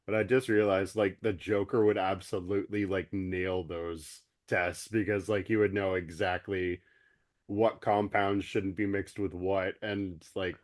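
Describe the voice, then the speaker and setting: A man's voice: low-pitched, flat delivery, unhurried, dry recording, studio quality. A man co-hosting a podcast, chatting casually and jokingly about a cartoon episode in an easygoing way. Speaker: podcast co-host.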